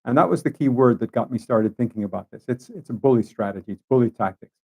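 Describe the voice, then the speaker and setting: A man's voice: medium pitch, expressive, quick pace, vocal fry, a little mellow, slightly rough. A man hosting his own show, telling stories in a casual, conversational way with asides to his listeners. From Canada. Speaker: podcast host. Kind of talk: casual monologue storytelling.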